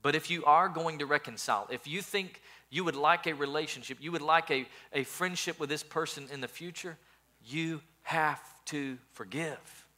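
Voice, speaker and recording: A man's voice: fairly high pitch, a little fast, hardly any pauses, sharp tone. A male pastor preaching a sermon earnestly, often repeating words as he builds his points.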